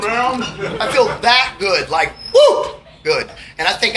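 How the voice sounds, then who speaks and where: Slow-talking man bantering on a concert stage. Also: sits high, very animated, a loud crowd. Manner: self-deprecating, swearing banter with the audience. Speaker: singer-songwriter performing live. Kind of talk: storytelling between songs at a concert. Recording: roomy live recording from a distance, music behind.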